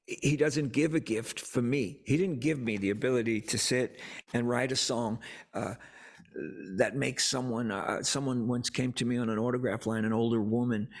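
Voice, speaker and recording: A man's voice: medium pitch, fairly even intonation, moderate pace. An older man, a songwriter, talking casually and earnestly about faith, often repeating words as he tells a story. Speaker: songwriter guest.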